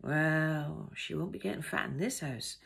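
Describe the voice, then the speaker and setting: A woman's voice: deep voice, unhurried, gravelly, a bit bright, breathy edge, heavily acted. A woman reading aloud, voicing a bossy, motherly middle-aged cook who scolds the maid. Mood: scolding.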